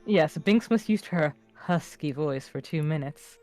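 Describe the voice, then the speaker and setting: A woman's voice: deep voice, measured pace, a little mellow, faint music behind. A woman joining a casual read-along as guest, teasing and laughing often. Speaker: co-reader guest.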